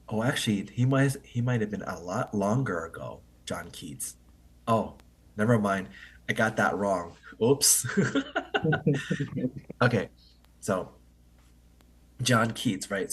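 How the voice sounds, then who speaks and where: A man hosting an online English meeting, explaining poetry to learners in a halting, think-aloud way and often checking with "right?". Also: lowish voice, breathy edge.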